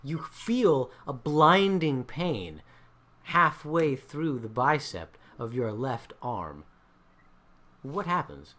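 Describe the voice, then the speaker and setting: Male dungeon master, lively, expressive narration for a live-streamed tabletop game. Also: medium pitch, slow. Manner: animated, swings from hushed narration to loud excitement.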